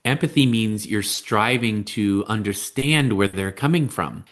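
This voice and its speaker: A man's voice: lowish voice, unhurried. A man, a parenting coach, talking in a podcast interview and explaining his points by acting out quotes. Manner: conversational, explains with acted-out quotes.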